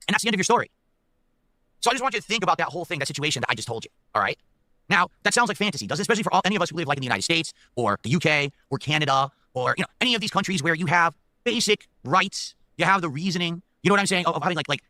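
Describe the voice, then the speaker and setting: A man pours out an emphatic rant to his viewers, racing along in a high voice. He keeps checking in with the audience. The sound is bright and dry. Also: expressive, very fast, dry recording. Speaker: online streamer. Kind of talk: ranting monologue to viewers.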